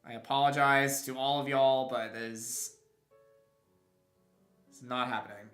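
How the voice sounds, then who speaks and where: A man's voice: medium pitch, steady tone, a little slow, fairly bright tone, faint music behind. A young man streaming a game, chatting casually and rambling with many restarts and chuckles. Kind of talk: casual live-stream chat while gaming. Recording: roomy echo.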